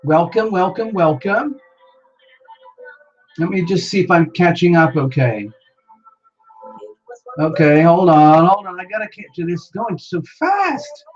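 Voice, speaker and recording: Speaking a little slowly with long pauses, this mid-range livestream host talks over music on audio whose highs are cut off. The chat is casual and excitable, with lots of exclamations as they read out viewer names and struggle to keep pace with incoming messages.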